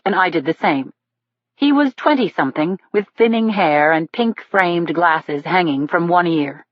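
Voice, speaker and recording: A woman narrating a thriller audiobook in the first person, in a steady storytelling manner. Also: mid-range voice, no room sound. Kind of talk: scripted narration. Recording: dull lo-fi dry recording.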